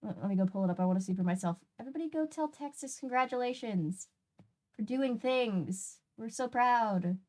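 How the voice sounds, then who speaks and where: A woman's voice: fairly high pitch, expressive, a little fast, darkish tone. A woman hosting a stream, chatting casually as she reads comics aloud, often trailing off and restarting her sentences. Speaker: streamer host. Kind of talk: casual chat while reading comics aloud.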